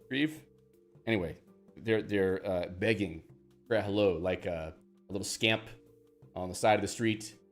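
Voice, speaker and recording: A man hosting a live stream in a casual, joking, self-deprecating way, reading viewer chat aloud. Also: mid-range voice.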